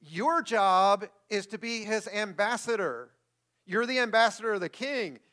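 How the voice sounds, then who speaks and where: A man's voice: sits high, unhurried, bright, forceful tone. A man preaching a sermon as pastor, emphatic and repeating key words to rouse the room. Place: church.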